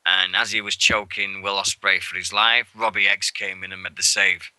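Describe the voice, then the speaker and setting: A man co-hosting a wrestling radio show, chatting casually and excitably, swearing and acting out moments. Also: low-pitched, normal speed, smooth, no room sound, poor audio. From England. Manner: rambling and excitable, swears freely, acts out moments. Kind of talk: casual show recap chat. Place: radio studio.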